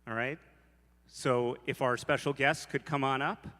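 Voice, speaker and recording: Bright-voiced man joking as gala emcee. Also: mid-range voice, fairly even intonation, measured pace. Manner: playful, teasing. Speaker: event emcee. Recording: reverberant hall from a distance.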